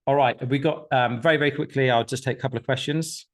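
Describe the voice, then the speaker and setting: A male coach speaking on a video call to a group of clients, his pitch sitting in an ordinary middle register. He talks in an emphatic, repetitive way and drops casual swearing as he urges them on. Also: fairly even intonation, fast talker.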